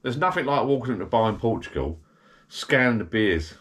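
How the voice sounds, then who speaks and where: A deep-voiced man chats loosely in his backyard garden bar shed. He rambles and drifts from one tangent to the next in a relaxed, everyday way. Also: quick pace, husky. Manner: rambling, digressive, chatty. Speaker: vlogger. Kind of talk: casual rambling chat.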